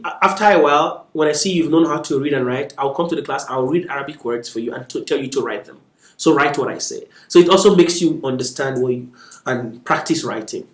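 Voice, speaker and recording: A man teaching a beginner Arabic lesson, patient and checking in often with his learners, with light chuckles. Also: a little high. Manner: chuckles lightly between points. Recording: echoey room, away from the mic.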